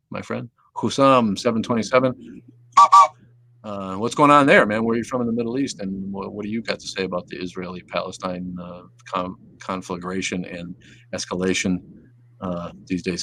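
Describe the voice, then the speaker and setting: A man's voice: on the low side, fairly bright tone. A man hosting a casual livestream, reading viewer comments and rambling profanely, often trailing off into mumbles. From Southeast Wisconsin. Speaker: livestream host.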